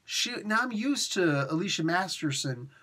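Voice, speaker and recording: A man's voice: high voice, lively intonation, normal speed, pushed and bright. A man hosting a casual comic book review, talking in a rambling, chatty way full of fillers and restarts.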